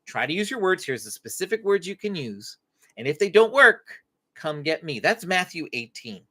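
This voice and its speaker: A woman's voice: on the low side, sing-song, normal speed, fairly bright tone, breathy edge. A woman hosting a faith-based parenting Q&A live stream, acting out short parent-child dialogues as she teaches.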